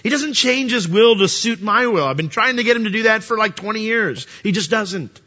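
A man preaching a sermon, animated, asking rhetorical questions and acting out dialogue. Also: sits high, fairly quick, highs cut off. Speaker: pastor.

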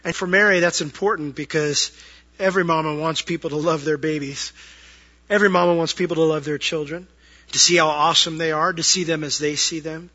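High, bright-voiced male pastor preaching. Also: fairly even intonation, fairly quick, dull audio. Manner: conversational preaching with acted asides. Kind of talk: sermon.

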